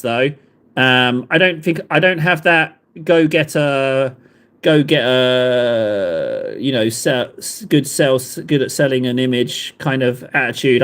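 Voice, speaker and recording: Animated jokey southern English man. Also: mid-range voice, unhurried. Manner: rambling, self-mocking, jokey. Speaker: livestream host. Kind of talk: casual chat to live viewers.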